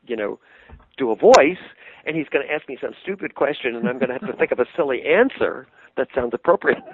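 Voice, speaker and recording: Older puppeteer recalling stories, phone-line sound. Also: male voice, medium pitch, fairly quick, husky. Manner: animated anecdotes, laughing easily. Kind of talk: interview storytelling.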